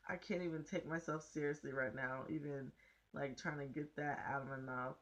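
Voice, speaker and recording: Low-voiced young woman telling a blunt story. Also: brisk. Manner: animated, blunt, profane storytelling. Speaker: vlogger. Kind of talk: casual storytime.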